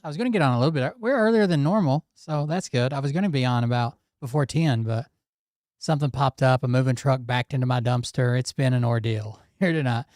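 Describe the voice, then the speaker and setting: A man hosting a live-stream show, talking in a loose, rambling way with some offhand cursing and a touch of hoarseness. His voice sits at a middling pitch and is recorded very dry, right up on the mic. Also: darkish tone, no echo. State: slightly hoarse. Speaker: show host. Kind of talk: casual live-stream commentary.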